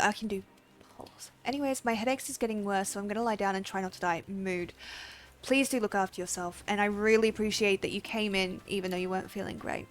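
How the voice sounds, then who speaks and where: A woman streamer chatting casually with viewers while playing a game, laughing often and swearing freely. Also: on the high side. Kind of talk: casual livestream chat.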